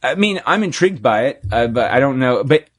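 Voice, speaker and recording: A podcast host with a medium-pitched voice chats casually and fairly quickly, bringing his anecdotes to life by acting out everyone's dialogue.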